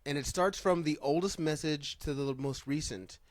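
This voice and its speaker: Man, podcast host, casual and rambling, slightly high voice, dry close mic. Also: normal speed, no room sound. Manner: rambling, restarts often, laughs easily. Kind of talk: casual chat.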